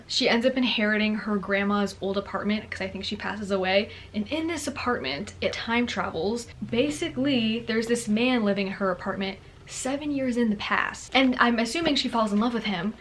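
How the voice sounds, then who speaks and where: A woman's voice: fairly high pitch, slight background noise. A young woman chatting casually to camera as a book vlogger, bubbly and full of fillers. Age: young adult. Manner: bubbly, chatty, lots of "like" and "girlie".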